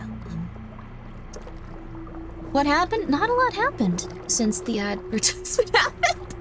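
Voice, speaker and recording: A woman streamer in casual chat, rambling with many "like" fillers as she reads and thanks her viewers. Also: a little high. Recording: music playing behind.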